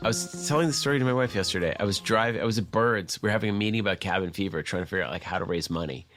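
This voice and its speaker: A man, a guest on the show, telling a casual anecdote in a fast, profane storytelling manner. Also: on the low side, over music.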